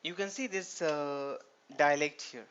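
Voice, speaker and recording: Man, programming tutorial, rhetorical questions, smooth higher voice, lo-fi sound. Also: unhurried, fairly bright tone. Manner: explains step by step with rhetorical questions and "right?". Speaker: programming instructor. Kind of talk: screen-recorded tutorial lecture. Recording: dull lo-fi recording.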